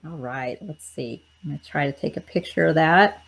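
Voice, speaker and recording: Woman hosting a livestream, slightly low and chatty, voice starting to crack. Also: normal speed, creaky. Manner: chatty, upbeat, talks to viewers directly. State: voice cracking and tiring. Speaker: host. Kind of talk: casual livestream chat.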